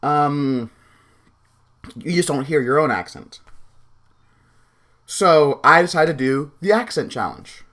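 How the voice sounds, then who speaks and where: A man's voice: on the high side, lively intonation, slow, long pauses, fairly bright tone. A young man with a Pacific Northwest American accent, chatting casually in a vlog and reading out a word list. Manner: chatty, rambling with fillers. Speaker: vlogger.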